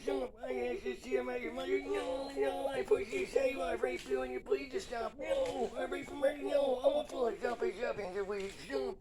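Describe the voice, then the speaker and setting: A man speaking a solo monologue in fragmented bursts, often cutting himself off mid-sentence and swinging between shouting and quiet, flat delivery. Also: very high voice, moderate pace, few pauses, a loud crowd. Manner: fragmented, keeps cutting himself off with short interjections.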